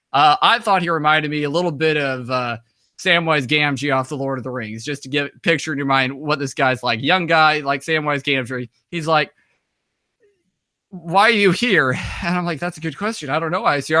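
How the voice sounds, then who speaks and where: A man's voice: fairly high pitch, sharp tone, no room sound, clean studio sound. A young American man with an American accent, telling a long story as an interview guest, rambling with many fillers and acting out the dialogue. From United States. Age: young adult. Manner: acts out quoted dialogue in conversation. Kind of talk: casual storytelling.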